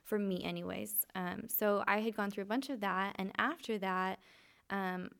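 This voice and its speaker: A woman with a gravelly, fry-tinged voice tells her personal testimony in an earnest, conversational way. She often restarts her sentences and fills pauses as she speaks. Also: medium pitch, fairly even intonation, a bit bright. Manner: earnest, emotional, frequent fillers and restarts. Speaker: guest sharing testimony. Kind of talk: candid conversational storytelling.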